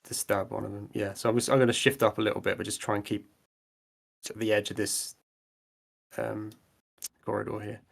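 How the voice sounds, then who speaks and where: A man's voice: on the low side, flat delivery, fairly quick, gravelly, long pauses, slightly rough. A man playing a tabletop game, talking hesitantly and often repeating words. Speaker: player. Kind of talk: casual tabletop game chat.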